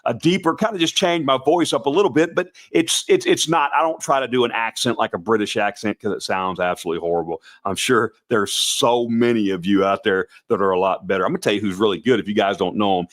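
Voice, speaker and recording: A raspy older man chatting loosely with his viewers, his voice sitting a little low. He rambles and restarts his sentences often, talking casually as a Santa performer hosting his own show. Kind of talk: casual livestream talk.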